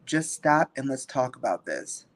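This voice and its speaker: A man reads out a pushy young boyfriend who keeps begging to explain himself. His voice stays mid-pitched and close to the reader's own plain tone. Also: very animated, unhurried. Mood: pleading.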